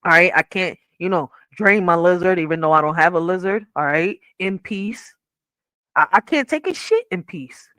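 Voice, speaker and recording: A woman's voice: on the low side, animated, normal speed, fairly bright tone, no room sound. A woman in her thirties hosting a podcast, talking candidly and profanely in a rambling casual way, often checking if listeners follow. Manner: candid, rambling, profane, asks 'you see where I'm coming from'. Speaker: podcast host. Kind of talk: casual commentary.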